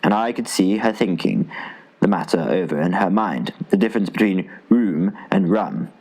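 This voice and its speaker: A man reading a travel essay aloud as an audiobook narrator, in an expressive style with dry humor. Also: low voice, moderate pace, husky, poor audio. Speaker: audiobook reader. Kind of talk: scripted narration.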